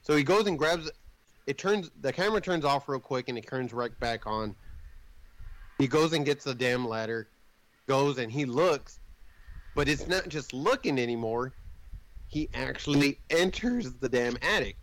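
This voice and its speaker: A man's voice: mid-range voice, expressive, unhurried, a bit bright, no room sound, low-quality recording. A man casually recapping a movie plot in a rambling way, swearing now and then and jumping in and out of the characters' voices.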